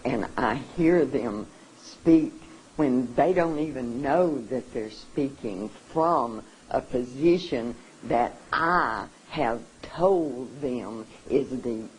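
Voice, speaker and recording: A speaker at a seminar giving an emotional talk, earnest and halting, often restarting sentences. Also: medium pitch, darkish tone, a little hiss or hum, rough recording. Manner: openly emotional. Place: seminar room.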